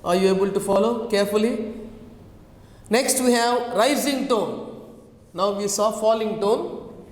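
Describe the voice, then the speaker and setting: A man teaching a class in a high voice, speaking slowly and repeating each term as though for dictation. He checks often that his students are following. The sound is roomy, with a long echo and faint noise behind him. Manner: slow, repetitive dictation, repeating key terms; checks on students with frequent "okay" and "right". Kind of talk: classroom lecture.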